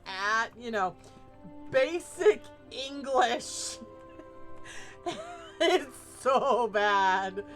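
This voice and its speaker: A woman's voice: a little high, fairly bright tone. A woman streaming a game live, chatting casually with her viewers, reacting to their messages and laughing often. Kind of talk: casual live-stream chat while gaming.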